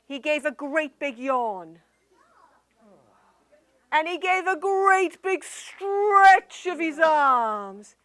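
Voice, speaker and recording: High, slow, sing-song woman storyteller. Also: no echo. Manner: animated, sing-song, drawn-out emphasis. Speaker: children's entertainer. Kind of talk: live storytelling to children.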